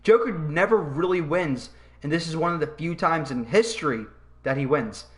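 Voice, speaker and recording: A man hosting a podcast in casual chat, excitable and swearing freely, laughing often. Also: on the high side, normal speed. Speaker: podcast host.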